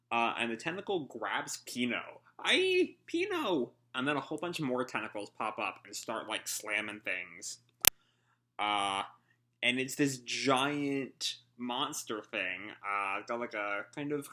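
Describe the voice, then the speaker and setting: Bright-voiced man rambling through a manga. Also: mid-range voice. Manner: rambling with many ums and uhs; swears casually. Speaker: manga reaction host. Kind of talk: casual live reading and commentary.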